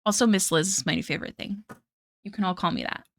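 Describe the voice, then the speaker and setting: A woman's voice: medium pitch, fast, creaky, no echo, clean studio sound. A young woman chatting casually on a live stream while she draws. She laughs often and explains her steps as she goes. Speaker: streamer and digital artist. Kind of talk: casual chat while drawing.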